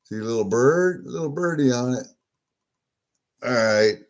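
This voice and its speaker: A man's voice: mid-range voice, lively intonation, normal speed, pauses often. A man casually showing and talking through coins from a package he just opened, chatty and easily delighted, muttering to himself. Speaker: coin collecting vlogger. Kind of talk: casual unboxing talk.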